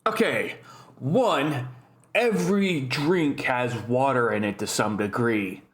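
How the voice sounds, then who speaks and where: A man's voice: mid-range voice, slow pace, fairly bright tone. Rambling, swearing man in an echoey room. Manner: rambling, swears often, laughs at his own stories. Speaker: YouTube host. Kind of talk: casual storytelling and reaction commentary. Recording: roomy echo.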